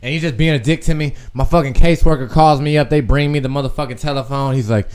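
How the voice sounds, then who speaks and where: A young man hosting a podcast stream, telling a personal story in a candid, profane, animated way. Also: medium pitch, fast, clean tone. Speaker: podcast host.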